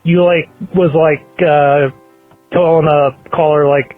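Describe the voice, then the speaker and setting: A man's voice: on the high side, fairly even intonation, measured pace, faint music behind. A man leaving a rambling, hesitant voicemail as a fan of the show. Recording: tinny phone line.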